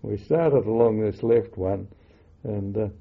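An older man recalling wartime memories in an oral history interview, halting with many fillers and self-corrections. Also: fairly low pitch, vocal fry. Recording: muffled phone-like lo-fi audio.

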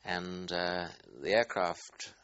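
An older man recalling his wartime squadron in an interview, halting and searching for words. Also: sits low, level tone, fairly bright tone, muffled recording, slight background noise. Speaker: interviewee, former squadron commander. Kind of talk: oral history interview.

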